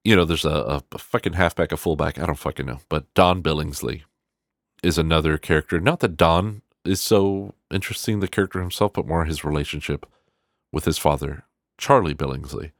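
A man's voice: a bass voice, brisk, no room sound, clean studio sound. A man giving a casual, rambling film review, swearing freely and acting out characters' lines as he goes. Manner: rambling, profane, animated quoting of characters.

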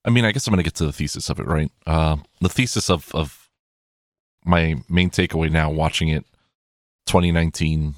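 Deep-voiced rambling man. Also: brisk, dry recording, studio quality. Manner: rambling, hesitant, with many restarts and fillers. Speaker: movie collection reviewer. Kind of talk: casual video commentary.

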